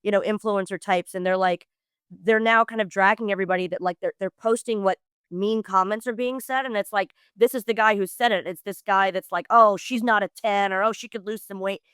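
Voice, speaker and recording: A woman's voice: mid-range voice, steady tone, fairly quick, fairly bright tone, clean tone, no room sound, studio quality. A woman hosting a podcast, chatting casually with her guest and often chiming in with agreement. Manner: chatty, affirming interjections. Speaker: podcast host. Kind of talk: casual interview chat.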